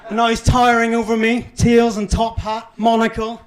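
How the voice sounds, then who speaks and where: A man's voice: extremely high pitch, completely flat delivery, normal speed, few pauses. A young man with a mild Northern Irish accent doing a punchy, self-deprecating stand-up set on a comedy club stage. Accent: Northern Irish, toned down. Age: young adult. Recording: live club recording with audience noise. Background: audience laughter and cheers.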